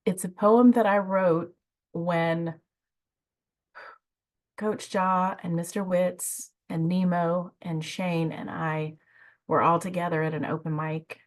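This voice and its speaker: A woman's voice: fairly low pitch, fairly even intonation, takes it slowly. A woman hosting a poetry gathering, speaking earnestly, then reading her own poem. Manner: earnest, heartfelt, with soft hesitations. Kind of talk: warm spoken introduction and poetry reading.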